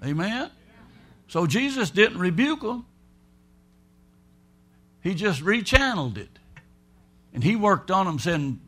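A man with a high-pitched voice preaches a sermon. He talks in a folksy, emphatic way and slips into the voices of the people he quotes. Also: big pitch swings, takes it slowly, long pauses, a bit bright.

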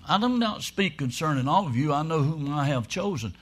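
A man with a high-pitched voice preaches a sermon. He talks in a folksy, emphatic way and slips into the voices of the people he quotes. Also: big pitch swings, moderate pace, few pauses, fairly bright tone.

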